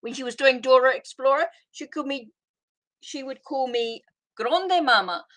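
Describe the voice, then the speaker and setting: A woman's voice: high-pitched, moderate pace, a bit bright. A middle-aged woman hosting a casual live tarot stream, rambling as she greets viewers and answers their comments. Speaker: tarot reader hosting a livestream.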